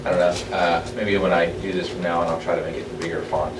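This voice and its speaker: A man leading a small group Bible study, reading scripture aloud and pausing with halting, restarting comments. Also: deep voice, little pitch movement. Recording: echoey room, distant mic, background noise.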